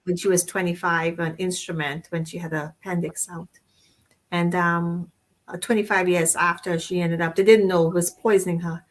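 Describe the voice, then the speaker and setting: A woman's voice: fairly low pitch, level tone, normal speed. A woman co-hosting a casual talk show, speaking effusively and rambling, with frequent restarts and rephrasings. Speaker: co-host.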